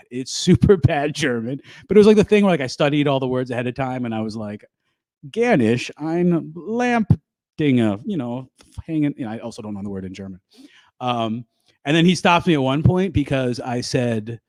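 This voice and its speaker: A man doing an online stand-up set from home on a headset, telling a rambling, self-deprecating story and breaking into loud put-on voices. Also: mid-range voice, no echo, studio quality. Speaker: stand-up comedian. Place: home, performing over a video call.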